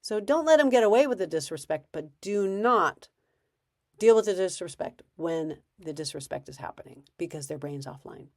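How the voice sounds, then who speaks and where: A woman's voice: fairly low pitch, lively intonation, moderate pace, darkish tone. A woman coaching parents in a conversational way, now and then acting out what a parent or child might say. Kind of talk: advice talk to parents.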